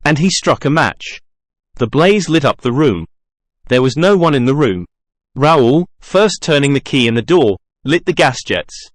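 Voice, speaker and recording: A man reading a classic novel aloud as a narrator, in an even, measured way with little character acting. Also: medium pitch, no room sound, clean studio sound. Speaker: audiobook narrator. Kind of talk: scripted narration.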